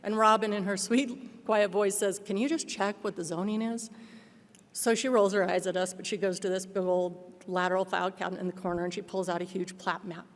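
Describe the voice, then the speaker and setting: A middle-aged woman shares her testimony at a luncheon, and her voice carries a long reverb from a large hall. She tells the story in a lively way, acting out what people said to her, and her pitch sits in an ordinary middle range. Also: a little fast, few pauses. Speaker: guest speaker. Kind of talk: personal testimony speech.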